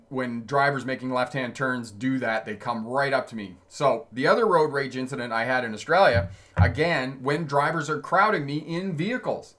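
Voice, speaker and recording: A man's voice: medium pitch, fairly bright tone. Chatty man laughing through his stories. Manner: chatty, laughs often mid-sentence. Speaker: driving instructor and channel host. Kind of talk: casual livestream storytelling, answering chat comments.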